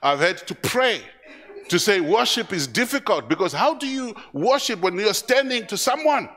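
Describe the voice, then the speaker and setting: A man preaching a live church sermon, animated, repeating words and acting out voices as he goes. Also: sits high, moderate pace. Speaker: pastor. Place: church service.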